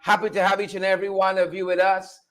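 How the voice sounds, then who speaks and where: A man's voice: high voice, completely flat delivery, fast talker, music in the background. A middle-aged man hosting a livestream, full of playful catchphrases and repeated chants. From Guyana. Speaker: livestream host. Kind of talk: energetic livestream hype talk.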